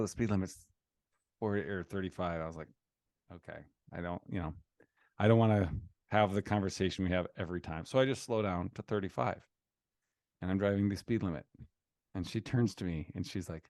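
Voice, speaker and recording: A man's voice: sits low, a little fast, pauses often, dry recording, clean studio sound. A man in his thirties co-hosting a podcast, telling a family story in casual chat and acting out the quoted voices. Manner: animated storyteller, acts out quotes in raised voices. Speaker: podcast co-host.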